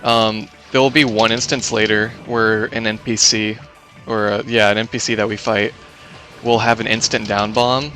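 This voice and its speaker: A man with a lowish, bright, forceful voice talks through his own speedrun live. He explains mechanics in a loose, chatty way, full of fillers and false starts, with soft game music underneath. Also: little pitch movement, normal speed. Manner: casual, explanatory, many fillers and restarts.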